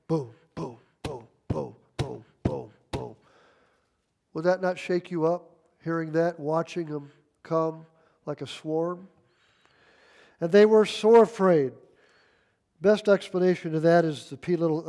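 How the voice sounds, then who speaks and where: A man's voice: high voice, a little mellow. A man preaching a sermon, emphatic and folksy, reading scripture aloud. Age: 60s. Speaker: pastor.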